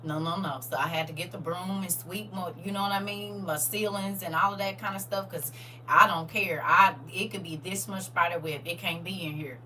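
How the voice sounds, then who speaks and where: A woman hosting a casual livestream, chatting to viewers as "y'all" and answering their comments aloud, with expressive swings from hushed to loud. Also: fairly low pitch, moderate pace, a little hiss or hum. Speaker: livestream host.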